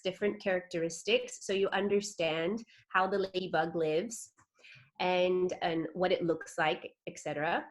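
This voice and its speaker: A woman with a Texan American accent teaching a children's club lesson over a video call, upbeat and chatty, often checking that listeners follow. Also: fairly low pitch. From Texas, USA. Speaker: club director teaching an honor. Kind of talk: online class presentation.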